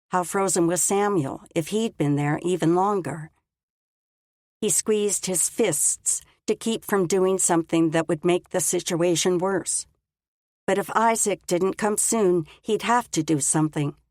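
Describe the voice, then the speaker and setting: Slow, low-voiced woman narrating a story. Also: darkish tone, no room sound, clean studio sound. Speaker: audiobook narrator. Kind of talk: scripted narration.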